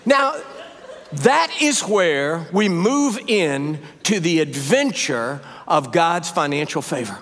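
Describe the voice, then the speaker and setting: An older man preaching a sermon in a church, telling a story and rising to animated, emphatic peaks. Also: on the high side, slow. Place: church sanctuary. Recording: live sermon with long reverb.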